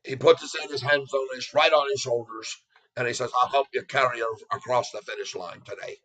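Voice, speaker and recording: A man with a bright, forceful voice talks in a put-on Irish accent. He hosts a stock market livestream, rambling in a loose, casual way. His delivery is playful and theatrical, full of chuckling asides. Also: mid-range voice, fairly even intonation, fairly quick, rough recording.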